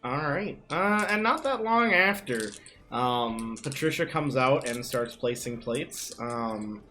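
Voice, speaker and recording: Game master, narrating a tabletop game, animated, bright, chatty. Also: mid-range voice, slow, a little hiss or hum. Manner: chatty, many fillers.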